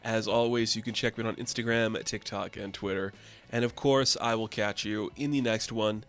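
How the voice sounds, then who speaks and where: A man's voice: lowish voice, steady tone, normal speed, soft background music. A man casually reviewing a comic issue with offhand, slangy asides. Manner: laid-back, offhand, recaps with slangy asides.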